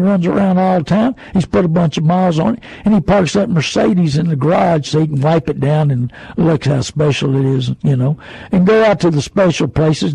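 A man, a car dealer hosting a folksy radio talk, animated and full of rhetorical questions. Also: a little high, vocal fry, husky, no echo, low-quality recording. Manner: animated, mocking salesman voices, rhetorical questions.

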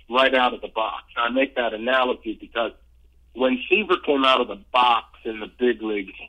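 A man's voice: medium pitch, rough recording. An older man, a former ballplayer, telling long rambling stories in an interview, full of fillers and restarts. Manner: rambling, lively storyteller with many fillers and restarts. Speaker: former pro baseball player, interview guest. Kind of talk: relaxed anecdotal storytelling.

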